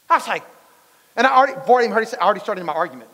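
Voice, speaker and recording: High-voiced male pastor in a reverberant hall. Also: sing-song, very fast, sharp tone. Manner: storytelling, asks the congregation questions. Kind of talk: conversational sermon. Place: church sanctuary. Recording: long reverb of a large church hall.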